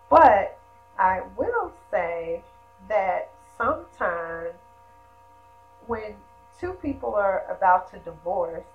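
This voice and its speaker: A woman co-host giving her opinion carefully, qualifying each point before she makes it. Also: on the low side. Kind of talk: casual chat. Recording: slightly dull sound.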